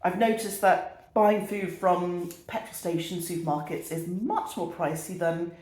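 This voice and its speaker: A woman's voice: fairly low pitch, measured pace, darkish tone, echoey room. A woman in her thirties with a British accent, chatting casually through a shopping haul in a self-mocking, easily sidetracked way. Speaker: vlogger.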